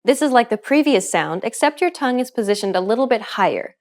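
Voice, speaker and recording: A woman hosting a language lesson, explaining pronunciation in clear, encouraging scripted narration. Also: on the high side, expressive, fast talker, darkish tone.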